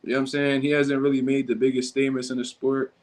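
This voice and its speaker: A man's voice: mid-range voice, level tone, fast talker, darkish tone. A man hosting a casual livestream who reacts to viewer comments in blunt, slangy, profane talk. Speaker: livestream host.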